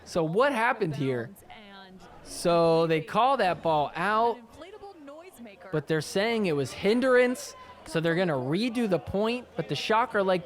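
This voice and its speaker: Sarcastic, lively man recapping sports clips. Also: on the high side, moderate pace. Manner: sarcastic, chatty, reacts to clips. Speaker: podcast host. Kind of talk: casual sports recap commentary.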